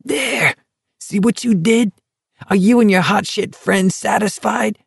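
A shrill, spiteful young man on the edge of madness, his voice pitched far above the reader's own. He swings from gloating whispers to shrieking, whining pleas. The recording is dry and close. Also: measured pace, creaky, husky, no room sound, exaggerated voice. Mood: screaming. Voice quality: shrill, shrewish. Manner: veers from gloating whispers to screams.

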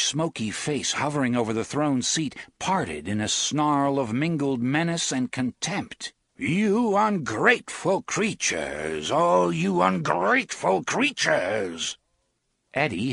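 A man narrates a story with an expressive, theatrical delivery. His voice is husky with lively pitch. The recording is dry and close. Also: moderate pace, few pauses, no room sound. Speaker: audiobook narrator. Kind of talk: scripted narration.

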